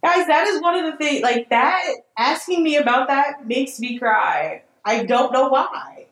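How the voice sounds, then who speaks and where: This podcast co-host has a high, fairly bright voice with lively intonation and a measured pace. Chatting casually, she's earnest and drifts between tearfulness and laughter, though the audio is poor and roomy.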